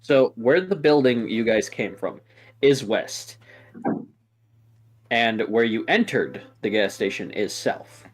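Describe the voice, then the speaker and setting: A man's voice: medium pitch, lively intonation. A man narrating a tabletop game as game master, talking casually with fillers. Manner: casual, halting, with fillers and restarts.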